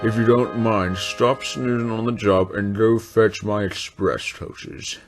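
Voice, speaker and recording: Guy doing a stuck-up big train engine, deep, grumbly and bossy. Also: fairly even intonation, takes it slowly, faint music behind. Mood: pompous. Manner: pompous, grumbling. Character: pompous big male steam engine.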